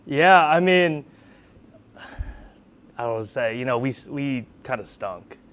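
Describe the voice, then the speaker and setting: A man's voice: mid-range voice, expressive, slow, fairly bright tone. A man co-hosting a student sports show, presenting segments with playful banter.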